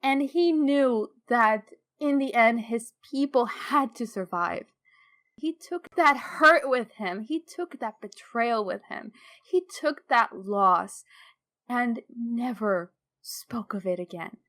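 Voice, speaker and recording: A higher-pitched woman co-hosting a casual fan podcast. She talks in an animated, emphatic way and gets louder and brighter in tone when excited. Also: slow. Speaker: podcast co-host. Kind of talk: casual fan lore discussion.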